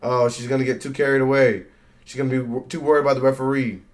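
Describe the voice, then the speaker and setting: A man giving casual live reaction commentary on a wrestling show, loud and excitable, slangy and profane, yelling at the screen. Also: mid-range voice, fast.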